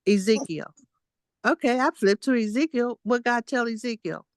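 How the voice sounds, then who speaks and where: Delivering a casual spiritual testimony, a guest teacher in her late sixties is emphatic and blunt, going over things repeatedly and fussing at her audience. Her voice is on the high side at a normal speed, recorded dry.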